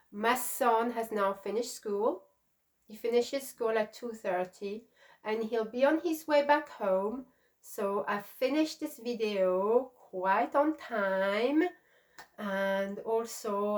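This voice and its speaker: A middle-aged woman chats through her crochet vlog in an unhurried, affectionate way. She gushes and gets emotional easily. Her voice sits a little high. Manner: warm, gushing, emotional. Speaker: crochet channel host. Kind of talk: casual vlog chat.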